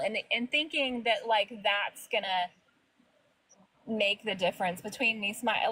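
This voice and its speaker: A woman's voice: mid-range voice, a little slow, bright, forceful tone, rough recording. A woman co-hosting a call-in show, talking reflectively and earnestly with casual fillers. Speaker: co-host. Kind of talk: casual livestream chat.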